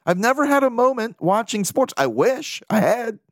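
A man's voice: very high-pitched, big pitch swings, moderate pace, dry recording, studio quality. A man hosting his own podcast, telling rambling, jokey stories in casual chat. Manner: rambling, jokey storytelling with laughs. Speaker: podcast host. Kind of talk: casual solo podcast monologue.

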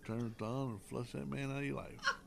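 A man, a paranormal investigator guest, telling drawn-out, folksy anecdotes in casual chat with many pauses and hesitations. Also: mid-range voice, fairly even intonation, creaky, very noisy. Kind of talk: casual storytelling.

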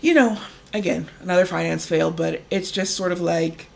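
A woman's voice: fairly low pitch, normal speed, creaky. A woman co-hosting a podcast in casual chat, talking loosely with lots of fillers and easy laughs. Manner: chatty, many "like" fillers, laughs easily. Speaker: podcast co-host.

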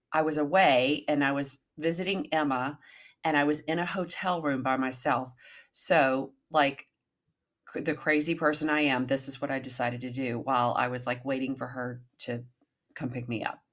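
A woman in her fifties with a notably low-pitched voice hosts a casual self-help podcast. She talks in a candid, chatty way and swears now and then. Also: a bit bright. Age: 50s. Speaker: podcast host.

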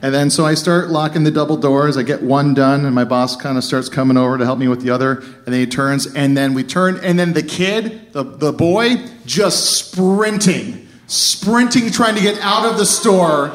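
A man telling a funny true story on stage, animated and laughing as he goes. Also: fairly high pitch, moderate pace. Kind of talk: live comic storytelling.

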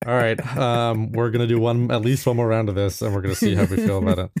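A man's voice: fairly low pitch, fast talker, darkish tone, no echo. A man co-hosting a podcast, chatting playfully in a casual comedic style with stammered restarts. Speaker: podcast co-host.

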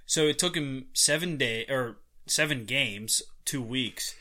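A man's voice: medium pitch, takes it slowly, sharp tone. A man co-hosting a sports podcast in casual, jokey banter, laughing often. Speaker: podcast co-host.

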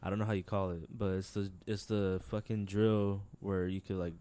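A man co-hosting a podcast, telling a rambling story full of swearing and slang, laughing often, relaxed and high. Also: moderate pace, clean tone. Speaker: podcast co-host. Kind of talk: casual chat.

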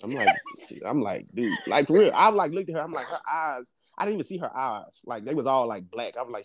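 A man's voice: mid-range voice, fairly quick, hardly any pauses, background noise. A young man tells a story in casual podcast chat, swearing and laughing often. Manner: animated, profane, laughs often. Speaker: podcast co-host.

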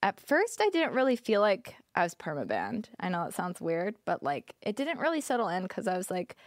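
A woman's voice: mid-range voice, huge pitch swings, brisk, dry recording, studio quality. A young woman speaking as a podcast guest in a candid, casual interview, full of "like" and frequent laughter. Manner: casual, filler-heavy with frequent "like", laughs often. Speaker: podcast guest, former streamer.

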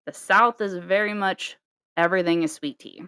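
A woman's voice: fairly low pitch, steady tone, moderate pace, fairly bright tone, smooth, dry recording, clean studio sound. Profane, chatty woman podcast co-host. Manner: loose, profane storytelling with sighs and laughs. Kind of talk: casual chat.

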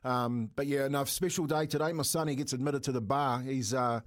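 A middle-aged man with a New Zealand accent spins a long, rambling yarn on air. He keeps breaking into laughter and calls his co-host "mate" every few lines. His voice sits at an ordinary pitch, in a relaxed, chatty radio manner. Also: fairly quick. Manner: chatty, laughs often, says "mate" a lot. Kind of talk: casual radio banter and storytelling.

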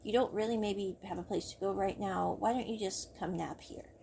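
A woman gives voice to a kind and fussy older shopkeeper. He talks gently and halts often, repeating his words. The tone is mellow and soft. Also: sits high, fairly even intonation, creaky, slight background noise. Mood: kindly. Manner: halting, gently repeating himself.

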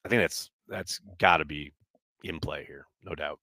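A man's voice: a bass voice, moderate pace, vocal fry, sharp tone, no room sound, studio quality. A man hosting a casual live sports podcast, answering viewer chat in a blunt, loose way and swearing freely. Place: New York.

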